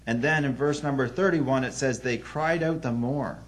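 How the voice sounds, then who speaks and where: Guy preaching a sermon at night, earnest, tells it like a story, gets loud then goes quiet real fast. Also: medium pitch. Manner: earnest storytelling with sudden swings between loud emphasis and soft drops. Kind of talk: evening sermon.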